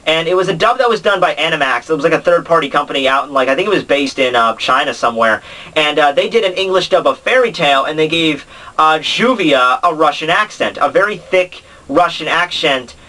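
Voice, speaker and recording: Guy ranting about cartoon dubs, kinda sarcastic, lots of ums, bright tense voice, sounds a bit away from the mic. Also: a little high, fairly quick, recorded from a distance, low-quality recording. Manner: exasperated, sarcastic, filler-heavy. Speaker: anime commentary host. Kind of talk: casual ranting commentary.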